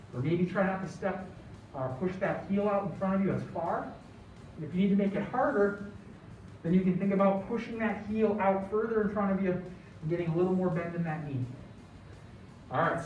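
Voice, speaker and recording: A mid-range, darkish voice coaches a home workout on air, encouraging the viewer and counting down before each new exercise. Faint hiss or hum sits under the recording, which comes from a large echoey room through a distant, muffled mic.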